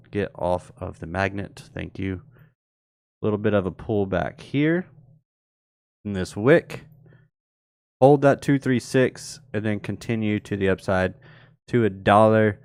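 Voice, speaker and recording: A man's voice: on the low side, smooth, dry recording, clean studio sound. A man hosting a live crypto market show, casually talking through charts and answering viewers in chat. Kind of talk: live chart analysis stream.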